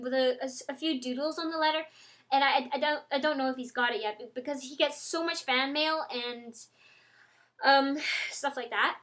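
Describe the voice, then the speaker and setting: High-pitched young woman rambling to her webcam, excitable and full of ums and restarts. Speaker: vlogger. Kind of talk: casual chat to camera.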